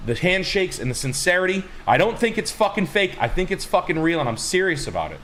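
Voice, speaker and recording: Male streamer host, young adult; emphatic, profane rant delivery, highly animated pitch. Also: fast, slight background noise. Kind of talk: rambling casual stream talk.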